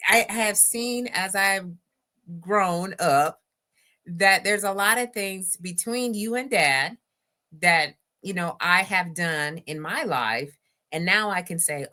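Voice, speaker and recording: Woman podcast host in her 40s, unhurried, bright tone, chats right to the listeners. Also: mid-range voice. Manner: relaxed, speaks to listeners as "y'all". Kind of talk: casual interview chat.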